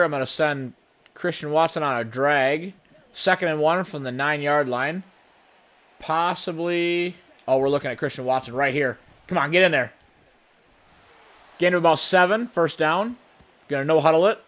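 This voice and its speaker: A man giving running play-by-play commentary on his own video game session, with sudden bursts of excitement. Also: a little high. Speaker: gaming channel host.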